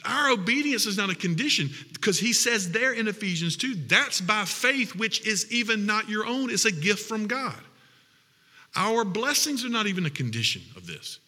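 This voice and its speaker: A man's voice: sits high, sing-song, moderate pace, pushed and bright, big-room sound. A man preaching a sermon as pastor, repeating phrases for emphasis.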